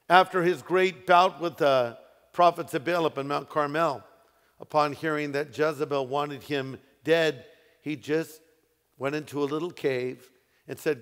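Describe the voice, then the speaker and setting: A man's voice: a little high, fairly bright tone. Man preaching in a reverberant hall. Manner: preaching with emphatic rises and slowed, stressed phrases. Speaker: pastor. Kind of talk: sermon. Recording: echoey hall with long reverb.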